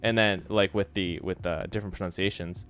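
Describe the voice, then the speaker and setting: A relaxed man with a fairly low voice hosts a casual study stream, chatting loosely and full of "like"s while he sounds out Japanese words to show pronunciation. Soft music plays faintly underneath. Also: brisk. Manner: frequent fillers like "like" and "so". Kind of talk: casual instructional livestream.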